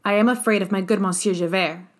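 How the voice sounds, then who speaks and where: A woman's voice: medium pitch, steady tone, fast, close to an everyday voice. A woman reading a desperate young seamstress, Fantine. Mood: defiant. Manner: pleading, feverish.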